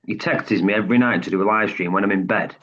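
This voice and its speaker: A man's voice: fairly low pitch, fast talker, a bit bright, slight background noise. A man with a Manchester accent chatting on a live stream, jokey and full of local slang. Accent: Mancunian. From England. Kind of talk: casual live stream chat. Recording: husky voice over a dull lo-fi line.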